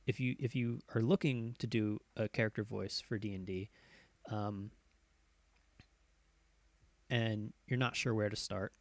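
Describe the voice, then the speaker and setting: A man hosting a casual live stream, rambling with many fillers and tangents and sometimes shifting his pitch and pace to show voice tricks. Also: dry recording. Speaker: host.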